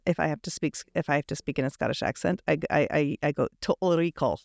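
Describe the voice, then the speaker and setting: Male podcast co-host, from Michigan, rapid and animated, slightly raised pitch. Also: gravelly, dry recording, clean studio sound. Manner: animated, fast storyteller. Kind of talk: casual podcast chat.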